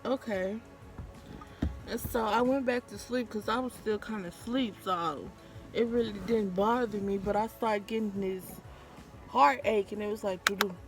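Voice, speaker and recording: A woman's voice: medium pitch, steady tone, measured pace, faint music behind. Woman with vlogging a breakup story, profane and candid. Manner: candid, profane, acts out quotes. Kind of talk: casual storytime vlog.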